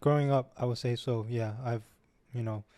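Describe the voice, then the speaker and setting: A man's voice: mid-range voice, steady tone, moderate pace, dark tone, no echo. A man in his twenties, a guest on a casual podcast, talking in an easygoing, laid-back way. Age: 20s.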